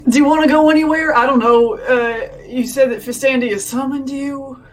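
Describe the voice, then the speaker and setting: A man playing a tabletop game, talking politely with halting, deliberate phrasing. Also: very high-pitched, fairly even intonation, slight background noise, rough recording. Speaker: player. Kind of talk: casual tabletop play.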